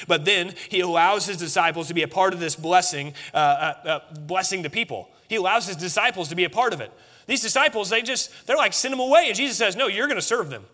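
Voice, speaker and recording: A man in his thirties preaching a relaxed, conversational sermon to his congregation, self-deprecating and full of fillers and restarts. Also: mid-range voice. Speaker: pastor. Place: church sanctuary, seated before the congregation.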